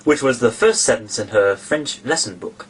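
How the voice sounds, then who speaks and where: A man narrating a storybook in a measured, even way. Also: mid-range voice, breathy edge.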